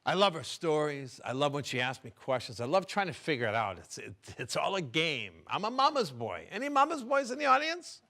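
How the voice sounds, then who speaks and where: Middle-aged guy doing standup, high bright voice, swings all over, chats up the crowd. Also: sing-song, fairly quick, hardly any pauses. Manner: chatty, teasing the crowd. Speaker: stand-up comedian. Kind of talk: stand-up comedy set. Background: audience laughter.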